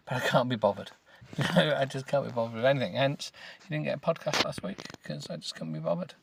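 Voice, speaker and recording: A British man hosting a comedy podcast, grumbling and rambling as he reads a book aloud with deadpan, self-mocking remarks. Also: mid-range voice, fast talker, creaky, background noise. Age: adult with children. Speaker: podcast host.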